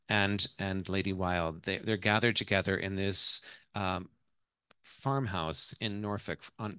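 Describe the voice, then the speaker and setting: A man speaking as an author at a bookshop event, chatty and animated, often restarting his sentences. His voice is fairly low and the sound is dry and close. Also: clear, resonant tone, no room sound.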